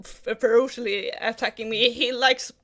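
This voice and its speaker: A woman co-host talks in a fairly high voice, stopping and restarting as she searches for words. Her tone stays casual and conversational. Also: fairly even intonation, normal speed, a bit bright. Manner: hesitant, restarts often. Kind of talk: casual interview chat.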